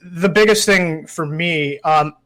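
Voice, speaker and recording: A man with a fairly high voice speaks as a guest on a casual podcast. He talks in a thoughtful, hesitant way and fills gaps with ums. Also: slow, a bit bright. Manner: reflective, hesitant, many ums.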